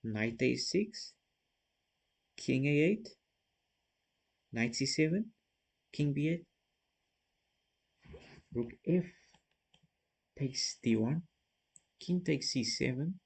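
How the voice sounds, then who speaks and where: A man's voice: mid-range voice, expressive, extremely slow, creaky, long pauses, husky, rough recording. A man streaming chess, thinking aloud as he works through puzzle moves and talks casually to his viewers. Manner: self-critical, talks to viewers.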